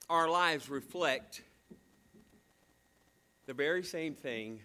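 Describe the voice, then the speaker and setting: Bright-voiced preacher preaching a sermon. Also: male voice, fairly high pitch. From southern United States. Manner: swings between emphatic, fast bursts and slow, hushed phrases. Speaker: pastor.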